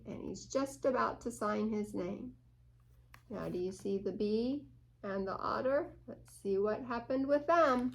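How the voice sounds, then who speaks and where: A woman reading a picture book aloud to children, animated and laughing, asking her listeners questions. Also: a little high, a little slow, creaky. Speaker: children's storyteller.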